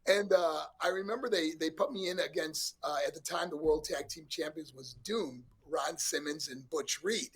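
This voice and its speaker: A man's voice: on the high side, normal speed, hardly any pauses, husky. A man in his sixties from New York, a former pro wrestler telling stories as a guest with lots of laughs. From New York, USA. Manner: animated storyteller, laughs often, acts out voices. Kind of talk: casual storytelling interview.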